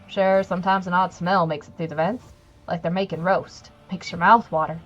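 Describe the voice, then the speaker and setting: A woman's voice: lowish voice, steady tone, normal speed, muffled recording, close to an everyday voice. A woman voicing a humble, folksy tunnel-dweller who rambles on deferentially, calling the listener "your ladiness.". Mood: folksy chatty.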